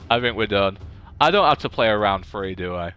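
Excitable young streamer, cheap mic. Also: male voice, on the low side, a little fast, smooth, lo-fi sound, faint music behind. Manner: chatty, excitable, thanking viewers. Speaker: gaming streamer. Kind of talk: casual live-stream chatter. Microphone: cheap desk microphone.

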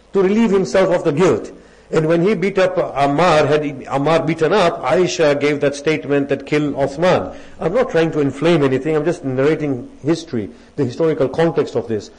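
Guy preaching a sermon, kinda high voice, emphatic, lots of rhetorical questions, rattles off arabic verses quick. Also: darkish tone, low-quality recording. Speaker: lecturer. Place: religious centre.

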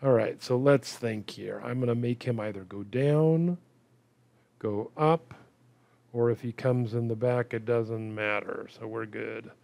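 A man with a gravelly, creaky voice talks through a puzzle game, plotting his moves out loud and grumbling at his slips. His voice sits at an ordinary middle pitch. The recording is close and dry, with no room sound. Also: steady tone, measured pace, no room sound. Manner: thinks aloud, mutters at the game, self-deprecating. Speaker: game commentator. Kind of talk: casual gameplay commentary.

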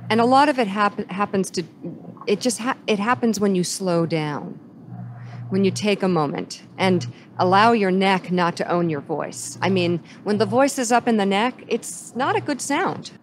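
A middle-aged woman hosting a podcast interview, speaking in a measured, encouraging way. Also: medium pitch, slight background noise. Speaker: podcast host. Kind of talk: conversational interview.

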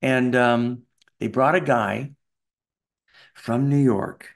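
A middle-aged Canadian man telling animated stories in an interview, acting out the people in them. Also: mid-range voice, takes it slowly. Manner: animated, does voices of people in his stories. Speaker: voice actor guest. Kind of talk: anecdotal interview storytelling.

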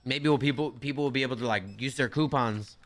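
A man's voice: mid-range voice, a little fast, fairly bright tone. A young man giving casual, slangy commentary while playing a store game, talking to himself and to the characters on screen. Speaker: gaming streamer.

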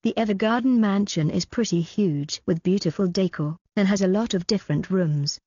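A woman narrating an audiobook in a steady, even reading voice. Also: mid-range voice, moderate pace, husky, no echo, lo-fi sound.

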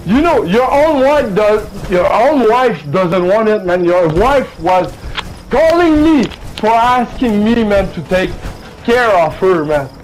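A man's voice: high-pitched, lively intonation, slow pace, a little hiss or hum, low-quality recording. A drunk man with a Quebec French accent, a native French speaker trash-talking another player in game voice chat, swearing and repeating himself. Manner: taunting, profane, repeats himself.

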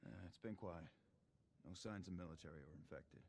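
Guy voicing calm lookout in a game, super deep, faint rumble behind. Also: fairly quick, natural voice. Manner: calm, matter-of-fact. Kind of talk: video game dialogue.

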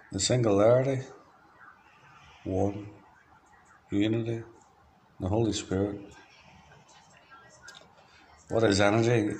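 A man from Ireland delivering a rambling, free-associating monologue in a flat, matter-of-fact way, drifting from one word to the next. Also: lowish voice, a little hiss or hum. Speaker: diarist.

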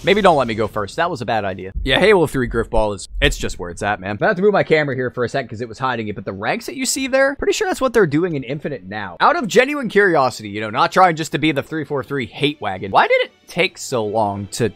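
A young man giving casual, excitable commentary while playing a video game at home, often shouting at game moments. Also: mid-range voice, quick pace, few pauses. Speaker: gaming video creator. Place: home room.

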